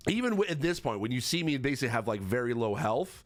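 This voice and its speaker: A man's voice: mid-range voice, very animated, fast talker, faint music behind. A man giving casual game commentary as a reviewer, rambling with many fillers, restarts and self-corrections. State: has the hiccups. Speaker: gaming accessibility reviewer.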